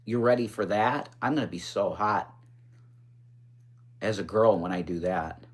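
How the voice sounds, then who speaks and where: A man hosting a casual livestream, chatting with viewers and reading comments in a blunt, profane, rambling way. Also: unhurried. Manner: blunt, profane, chatty, swings up in pitch when excited. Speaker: livestream host. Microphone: phone.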